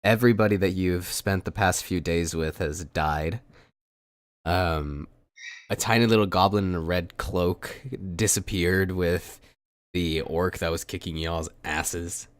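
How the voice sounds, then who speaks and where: A man running a tabletop game as dungeon master, narrating in a slow, laid-back way with casual fillers. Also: sits low, fairly even intonation, clear, resonant tone, no echo, studio quality.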